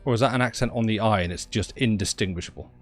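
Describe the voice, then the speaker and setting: A man's voice: fairly low pitch, quick pace, soft background music. Rambling British man streaming games. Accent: British English. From Britain. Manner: rambling, self-deprecating, wry. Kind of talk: casual live-stream chat.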